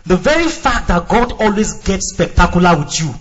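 A male pastor preaching a sermon, acting out little dialogues, swinging between shouts and quiet asides. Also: high voice, sing-song, normal speed, lo-fi sound.

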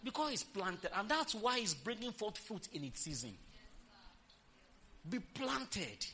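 There's a slight hiss or hum as a woman pastor delivers an unhurried sermon, her pitch swinging wildly and with lively energy. Bright and forceful, she launches rhetorical questions at the congregation and bursts into loud, emphatic exclamations.

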